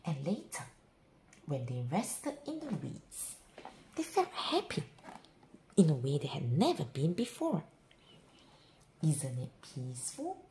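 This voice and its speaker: A woman reading a children's bedtime story aloud in an expressive, sing-song way. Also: low voice, measured pace, gravelly, long pauses, roomy sound, a little hiss or hum, poor audio.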